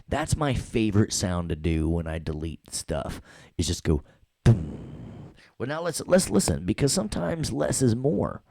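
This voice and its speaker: Middle-aged New York man, playful software instructor, low voice with a gravelly edge. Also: very animated, measured pace, no echo, clean studio sound. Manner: playful, jokey, scats and hums along to the music. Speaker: audio workstation instructor. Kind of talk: casual screen-recorded lesson.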